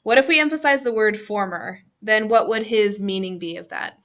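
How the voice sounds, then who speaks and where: A woman's voice: mid-range voice, normal speed, a bit bright. A woman teacher leading a classroom lesson, asking students questions and laughing often. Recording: dull lo-fi classroom recording.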